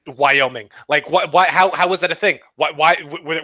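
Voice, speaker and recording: Bright-voiced man asking stammering, disbelieving questions. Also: on the high side, steady tone, fast talker, hardly any pauses, muffled recording. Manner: incredulous, stammering questions, profane. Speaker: podcast co-host. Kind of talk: casual podcast banter.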